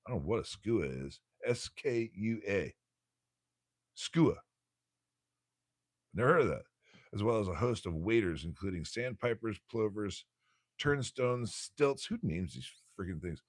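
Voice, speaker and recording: A man's voice: on the low side, lively intonation, normal speed, no room sound, studio quality. A man hosting a casual livestream, reading aloud from a bird textbook, stumbling over words and cracking jokes as he goes. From United States.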